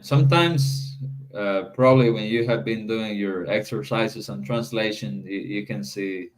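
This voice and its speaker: Man, low voice, slow, hesitant, fillers, teaching grammar. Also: low-quality recording. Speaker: Greek instructor. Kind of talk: classroom discussion.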